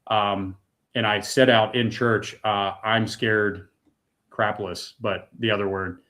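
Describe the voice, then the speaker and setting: A guest, a middle-aged American man, tells his personal story with earnest, raw emotion, repeating words when he is moved. He talks at a measured pace in a lowish, slightly bright voice with a steady tone.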